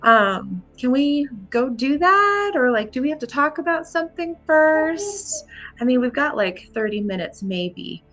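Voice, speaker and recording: A woman's voice: sits high, big pitch swings, measured pace, fairly bright tone, highs cut off, soft background music. A woman playing a tabletop game, chatty and rambling with lots of fillers. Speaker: player.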